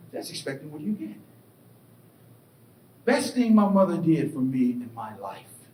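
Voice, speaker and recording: Middle-aged male keynote speaker, high and animated, storytelling with voices; captured from afar in a reverberant hall. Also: measured pace, long pauses. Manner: animated storytelling, acts out voices and asks the crowd questions. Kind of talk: motivational keynote speech. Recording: echoey hall, distant mic, faint rumble.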